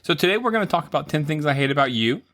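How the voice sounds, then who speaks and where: A man in his forties hosting a casual podcast, goofy and quick to laugh. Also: lively intonation, fairly bright tone. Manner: goofy, laughs a lot, breaks into silly high voices. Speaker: podcast host. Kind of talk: casual chat.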